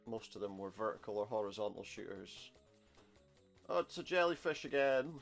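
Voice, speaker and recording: A fairly low-pitched man with vocal fry talks animatedly at a moderate pace. He's a gameplay commentator giving a casual let's-play of a retro title, cracking wry jokes and muttering asides while game music plays.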